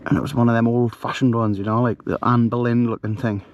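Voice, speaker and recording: A man's voice: mid-range voice, level tone, fast talker, darkish tone, highs cut off, slight background noise. A middle-aged man tells a story in a chatty, rambling way, full of fillers and restarts, recorded on a handheld camera outdoors at night. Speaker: camper vlogger. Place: outdoors at night in a bivvy bag.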